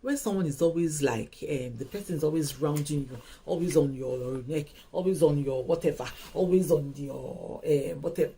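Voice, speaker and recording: A woman giving casual advice on love, animated and emphatic, often repeating herself. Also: deep voice, normal speed, hardly any pauses, slight background noise, low-quality recording. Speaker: host.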